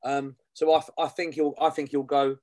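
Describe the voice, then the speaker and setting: A man's voice: fairly high pitch, level tone, normal speed, darkish tone, no echo. A man co-hosting a fan podcast, rambling in casual football chat and repeating himself. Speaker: podcast co-host.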